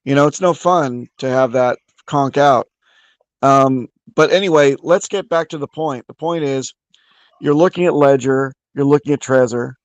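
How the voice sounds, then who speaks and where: A man's voice: mid-range voice, moderate pace, dry recording. A man hosting a casual voice-chat discussion, explaining his views at length with frequent restarts.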